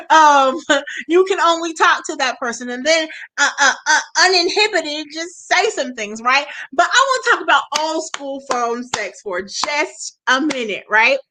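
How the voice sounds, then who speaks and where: A woman's voice: sits high, expressive, measured pace, bright, forceful tone. A woman in her forties hosting a radio show, chatting casually, laughing often and talking straight to her listeners. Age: 40s. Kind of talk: casual chat.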